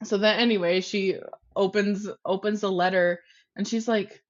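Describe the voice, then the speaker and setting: A woman's voice: mid-range voice, steady tone, moderate pace, lo-fi sound. A woman co-hosting a podcast, telling a funny story in casual chat, acting out quotes and saying "like" often. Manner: chatty, acts out quotes, says "like" often. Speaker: podcast co-host.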